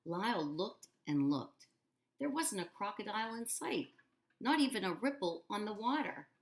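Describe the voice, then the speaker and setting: A woman's voice: medium pitch, lively intonation, normal speed. A woman reading a children's book aloud expressively, adding casual asides to her listeners. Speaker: storyteller.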